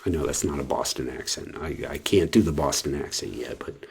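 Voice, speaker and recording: A man with a deep, somewhat husky voice talks casually to the camera. He rambles along, stopping often for ums and uhs and starting his sentences over. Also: fairly quick, a little mellow. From West Coast of the US. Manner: rambling, with many fillers and restarts. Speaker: vlogger.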